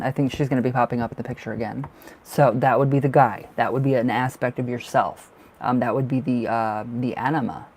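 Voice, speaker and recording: This tarot reader is a man whose voice sits in the middle range with a darkish tone. Reading cards live on stream, he keeps things warm and comforting, rambling with fillers and plenty of feeling.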